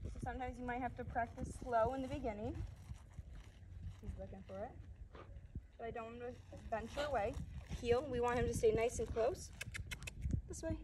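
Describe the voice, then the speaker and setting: A woman dog trainer explaining heel work between calm, soft commands to the dog as she walks it outdoors. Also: fairly high pitch, moderate pace, long pauses. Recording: distant voice over loud background noise.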